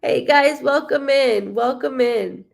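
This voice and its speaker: A woman hosting a live psychic reading from a warm room with the window open, talking to her viewers in a chatty, rambling way. She is animated and full of fillers and asides. Her voice sits a little higher than most women's. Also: slow, creaky. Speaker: psychic medium host.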